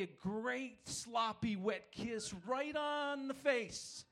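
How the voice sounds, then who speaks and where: A man's voice: very high voice, extremely slow, a bit bright. A man preaching a sermon, telling a personal story in a self-deprecating way, with frequent restarts. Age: adult father of young children.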